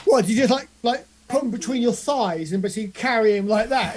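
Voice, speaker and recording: A woman playing a tabletop role-playing game, talking excitedly with quick rambling asides. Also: on the high side, a loud crowd. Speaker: player.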